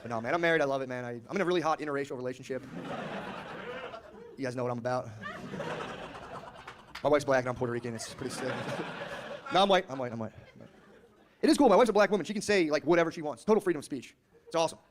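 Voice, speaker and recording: A man's voice: mid-range voice, quick pace, pauses often, background noise. A man in his thirties doing a stand-up comedy set on a club stage. He is brash and profane, riffs with the crowd and acts out characters.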